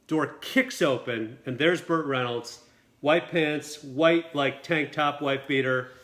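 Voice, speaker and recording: Dude telling a wild set story fast and lively, bright sharp voice. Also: male voice, a little high. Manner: quick, lively storytelling with acted quotes. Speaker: film director, guest. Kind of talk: animated anecdote telling. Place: dinner party table.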